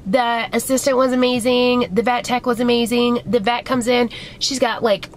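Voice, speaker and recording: A woman's voice: on the high side, fairly even intonation, normal speed, a little hiss or hum, rough recording. A woman vlogger telling a long story in casual chat, rambling and swearing a lot. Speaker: beauty vlogger.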